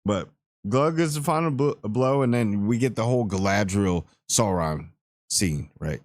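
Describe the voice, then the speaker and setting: A man's voice: fairly low pitch, animated, a little slow, no room sound, clean studio sound. A man hosting a casual spoiler review, rambling and slangy with playful asides. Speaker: TV review channel host.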